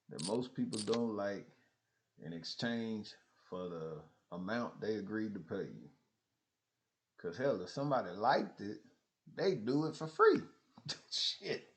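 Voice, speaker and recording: A man's voice: on the low side, a little hiss or hum. A man talking bluntly in a casual monologue, full of profanity and frequent laughter. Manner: animated storytelling. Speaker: streamer.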